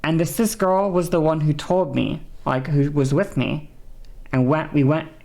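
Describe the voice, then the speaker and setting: A woman's voice: low voice, a little slow, vocal fry, darkish tone. A woman streamer talking casually and swearing freely, often adding "you know" as she chats with her viewers. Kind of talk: casual livestream chat.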